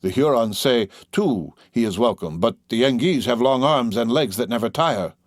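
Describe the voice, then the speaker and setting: A man voicing a crafty, persuasive male war chief who speaks in slow, measured, flattering oratory. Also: mid-range voice, dry recording, clean studio sound, close to an everyday voice. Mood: scheming.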